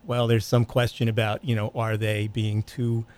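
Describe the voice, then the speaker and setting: A man in a radio talk discussion, speaking in a measured, questioning way with some restarts. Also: lowish voice, flat delivery, darkish tone.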